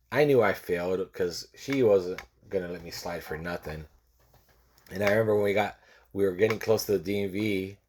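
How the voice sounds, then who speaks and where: A man's voice: low voice, a little mellow. A man in his forties from California telling a personal story in a casual way, repeating phrases and acting out the people he quotes. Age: 40s.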